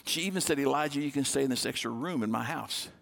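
A man preaching a sermon from the pulpit at a middle pitch. He tells the story lively, stepping into the characters' voices as he goes. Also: fast, gravelly. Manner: storytelling, acting out biblical dialogue. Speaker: pastor.

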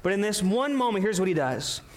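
A male pastor preaching a sermon in a church sanctuary, telling a scripture story with animated delivery and asking the congregation rhetorical questions. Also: sits high, fairly quick.

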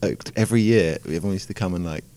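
A man's voice: low-pitched, rapid-fire, mellow. A man, a scientist hosting a podcast, talking in a rambling, self-mocking way. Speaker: podcast host, academic scientist. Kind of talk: casual chat.

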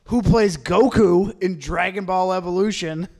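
A man's voice: high voice, a little slow, darkish tone. A man co-hosting a comedy podcast, riffing with jokey asides in casual chat. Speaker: podcast co-host.

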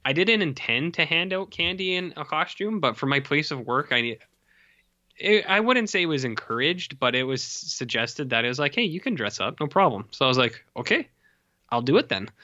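A man's voice: a little high, lively intonation, normal speed, bright, forceful tone, no room sound. A man co-hosting a casual chat, rambling and joking with many fillers. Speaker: podcast co-host. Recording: dull lo-fi dry recording.

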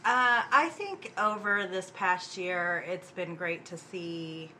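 Woman co-host, bright mid voice; sincere, passionate chat. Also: lowish voice, takes it slowly, a little hiss or hum. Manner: sincere, passionate, a little emotional. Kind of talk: casual chat.

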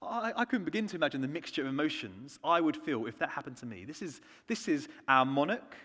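British guy preaching, kinda high voice, earnest, goes soft then punchy, big reverb church sound. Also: expressive, fast. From United Kingdom. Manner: earnest, swings from soft to emphatic. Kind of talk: sermon.

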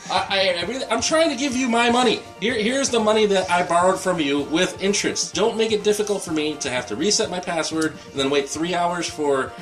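A man's voice: sits high, fairly quick, hardly any pauses, a bit bright, soft background music. A man co-hosting a podcast, complaining sarcastically and swearing in casual chat. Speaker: podcast co-host.

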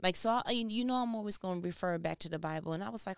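A woman giving casual devotional Bible teaching, telling the stories in an animated, slangy way and acting out the people in them. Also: mid-range voice, racing, few pauses, clean tone, dry recording, studio quality. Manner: animated storytelling, slangy, acts out voices.

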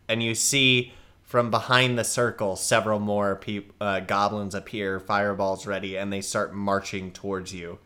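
A man narrating a tabletop game as game master, in a slow, descriptive storytelling way. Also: on the low side, flat delivery, pushed and bright.

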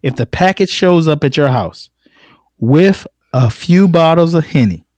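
A man's voice: on the high side, expressive, unhurried, a little mellow, no room sound. A man hosting a casual podcast, reading news stories and arguing playfully with mock seriousness. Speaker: podcast host.

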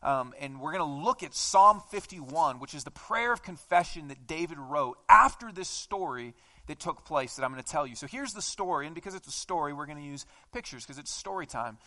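A man's voice: a little high, expressive, a little fast. A man preaching a conversational sermon in a church, questioning himself aloud as he talks. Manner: conversational, self-questioning preaching with wide swings in loudness. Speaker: pastor. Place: church hall.

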